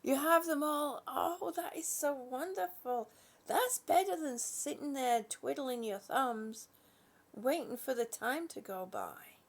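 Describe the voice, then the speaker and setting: A woman hosting a relaxed live chat from her home, greeting viewers by name, yawning, laughing and often losing her train of thought. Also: high voice, slow. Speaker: livestream host.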